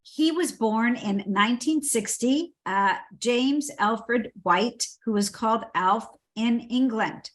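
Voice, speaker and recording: A woman's voice: a little high, slow pace, hardly any pauses. A woman hosts a book club and walks through a summary in an easygoing, conversational way. She fills her talk with light, playful asides and plenty of fillers. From United States.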